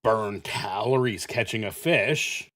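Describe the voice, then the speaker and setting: A man's voice: lowish voice, slow, a bit bright, pitched below the performer's own voice. A man voicing a smug, lazy male bear with a laid-back drawl as he retells a story.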